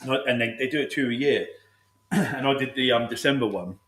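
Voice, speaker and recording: A man's voice: mid-range voice, a bit bright, slight background noise. A man hosting a casual podcast chat, rambling and swearing freely, calling his guest "mate". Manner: rapid, rambling, heavy swearing, lots of "mate". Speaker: podcast host.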